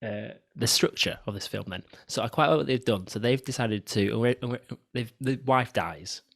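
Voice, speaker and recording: A man's voice: medium pitch, moderate pace, creaky, no room sound. A man co-hosting a casual film review podcast, leading the discussion with dry, wry asides. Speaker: podcast co-host.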